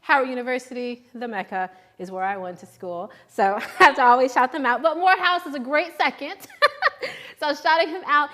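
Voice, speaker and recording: A woman's voice: on the high side, fairly quick, fairly bright tone. A young adult woman hosting a live shopping show, chatting casually and upbeat, often restarting her sentences.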